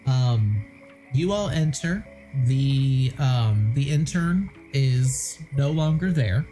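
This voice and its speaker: A woman narrating a tabletop game as game master, laid-back, with frequent pauses and laughs. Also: very deep voice, animated, warm tone, soft background music, low-quality recording.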